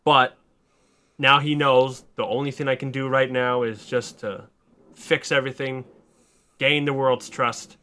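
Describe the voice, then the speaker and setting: A man hosting a podcast, excitedly retelling a story pitch in casual, swearing chat. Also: measured pace. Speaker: podcast host.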